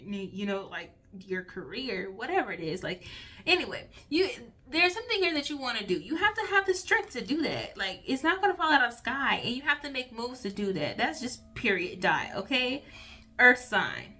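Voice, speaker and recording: A bright, forceful female voice sits on the high side. She's an intuitive reader giving a casual channeled reading to camera, chatty and rambling, often tacking "okay?" and "like" onto her lines.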